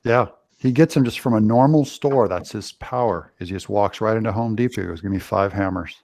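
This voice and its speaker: A man's voice: lowish voice, a little fast, darkish tone, dry recording. A man chatting casually on a live stream, joking and rambling with frequent restarts. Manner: joking, rambling, self-interrupting.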